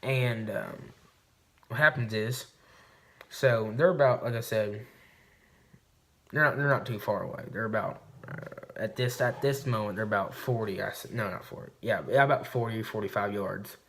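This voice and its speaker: A man's voice: lowish voice, normal speed, vocal fry, a bit bright, a little hiss or hum. A man vlogging to camera, telling a hunting story in a rambling, swearing, casual way. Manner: rambling and profane, recounting a hunt.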